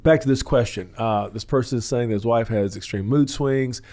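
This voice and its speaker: A man hosting a church counseling show gives loose, rambling explanations at length in teaching talk on a question-and-answer program, often pausing with "uh" and "you know" and sometimes acting out the people he describes. His voice is middle-range for a man and a little mellow.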